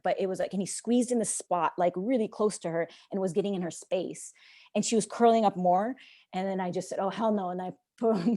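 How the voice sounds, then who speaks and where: Fast-talking mellow-voiced young woman. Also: medium pitch. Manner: animated storyteller, acts out quoted voices, many fillers. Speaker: podcast guest. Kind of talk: casual podcast conversation.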